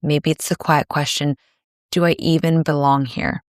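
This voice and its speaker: A woman hosting a solo podcast, speaking in a gentle, soothing, measured way with pauses. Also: low voice, little pitch movement, dry recording, studio quality. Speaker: podcast host. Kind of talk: reflective solo podcast monologue.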